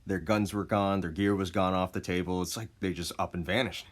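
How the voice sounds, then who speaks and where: A man casually telling a story, laid-back and expressive, with plenty of swearing. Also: low-pitched, a little fast.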